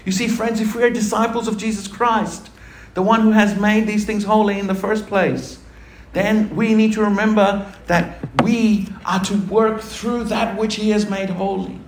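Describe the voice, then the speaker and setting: Emphatic high-voiced preacher in echoey hall. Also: male voice, steady tone, moderate pace. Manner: emphatic, rhetorical questions to the congregation. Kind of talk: sermon. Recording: echoey room with faint ambient noise.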